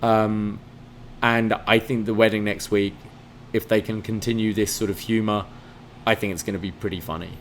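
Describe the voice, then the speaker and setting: A man's voice: lowish voice, level tone, normal speed, a little hiss or hum. A man reviewing a wrestling show in casual podcast chat, giving enthusiastic analysis with frequent fillers.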